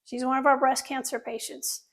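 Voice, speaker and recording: A woman's voice: sits high, little pitch movement, moderate pace, a bit bright. A middle-aged woman, a surgeon, telling an earnest personal story to an audience, with asides to listeners.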